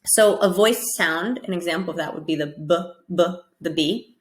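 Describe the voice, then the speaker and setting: A woman teaches pronunciation slowly and clearly, encouraging her listeners and pausing often to check that they follow. Her voice sits slightly low. The recording carries the echo of a reverberant room. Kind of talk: slow, clear instructional lesson. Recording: echoey room.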